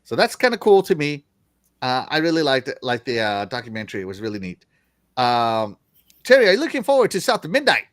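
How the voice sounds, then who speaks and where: A man hosting a casual gaming news chat, his pitch jumping around animatedly as he rambles and chuckles between points. His voice sounds dry and close, with no room around it. He is a young adult with a loose, talkative delivery. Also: very animated, a little fast, a bit bright, no room sound. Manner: chatty, rambling, laughs often. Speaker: gaming news show host.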